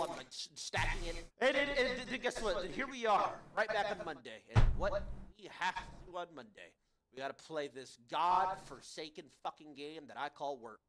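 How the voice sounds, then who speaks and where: A young man tells a rambling, profane story about a bad day, exasperated and animated, tossing in "bro" every few lines. His voice sits fairly high for a man. The room around him rings with a noticeable echo. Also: a little hiss or hum. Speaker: podcast host. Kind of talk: casual storytelling rant.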